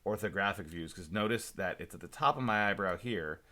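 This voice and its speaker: Low-voiced man teaching a software demo. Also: brisk. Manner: talks to himself while working, relaxed asides and small jokes. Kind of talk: screen-recorded software demo lesson.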